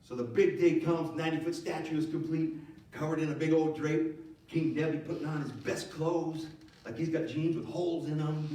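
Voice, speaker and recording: A man's voice: fairly high pitch, steady tone, normal speed, dark tone. Sex: man. Role: pastor. Style: sermon, playful storytelling. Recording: echoey church hall, distant mic. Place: church auditorium.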